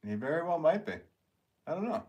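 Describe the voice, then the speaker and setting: A man's voice: a little high, very animated, a little fast, darkish tone, slightly rough, dull audio. A man hosting a pottery livestream, chatting casually and reading viewer comments aloud in a laid-back way, chuckling often. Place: pottery studio, indoors.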